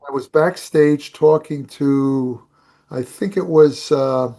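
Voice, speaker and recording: Older guy rambling thru old stories, kinda high voice, lots of restarts. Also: slow, warm tone. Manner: rambling anecdotes with restarts and laughs. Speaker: guest, bodybuilding writer. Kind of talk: casual storytelling on a podcast.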